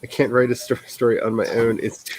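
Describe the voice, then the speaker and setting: A man's voice: medium pitch, flat delivery, quick pace, a little mellow, no room sound, low-quality recording. A man hosting a casual writing sprint livestream, rambling and self-deprecating and laughing often.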